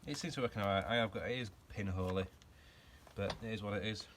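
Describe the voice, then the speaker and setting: Chatty man with a low voice. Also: fast, fairly bright tone. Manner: chatty, self-mocking, rambling asides while working. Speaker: hobby car restorer and channel host. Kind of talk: casual workshop vlog chat.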